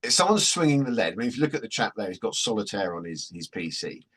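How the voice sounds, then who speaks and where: A man with a husky voice, presenting a workshop in a chatty, joking storytelling way. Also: on the low side, very animated, quick pace, fairly bright tone. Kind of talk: anecdotal workshop talk.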